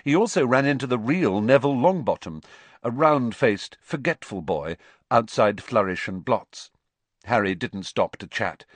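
A man's voice: medium pitch, animated, moderate pace, no echo. A man narrating an audiobook expressively and switching into voices for the characters.

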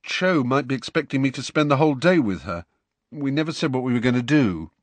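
A frustrated teenage schoolboy, voiced by a male reader speaks in a flat, irritable way. His voice sits only a little above the reader's own. The sound is close and dry, as in an audiobook. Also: medium pitch, a little fast, no echo, voice pushed up, lightly acted. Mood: uncertain.

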